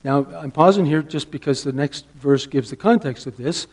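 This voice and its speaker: Man, preacher, high voice, emphatic sermon, rhetorical questions. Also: normal speed, husky. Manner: emphatic, dropping to a hush for stress; asks the listeners rhetorical questions.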